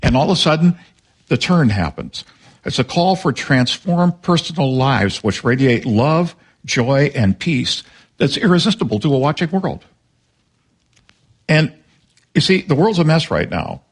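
An older man delivering a sermon at a middle pitch. His preaching is conversational, slipping into quick asides and voicing little exchanges of dialogue. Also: big pitch swings, husky. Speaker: pastor.

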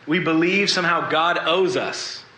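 A man gives a sermon in an echoey church hall, with a bright, forceful, slightly high voice. He speaks earnestly and confessionally, drawing the congregation in with questions. Faint room ambience sits under his words. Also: moderate pace, slight background noise. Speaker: preacher.

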